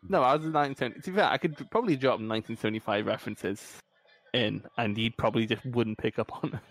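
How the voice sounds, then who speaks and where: Young guy, mid-pitched, dry teasing co-host on a chatty watchalong. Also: fast, a bit bright. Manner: wry, teasing banter. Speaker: podcast co-host. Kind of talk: casual watchalong chat.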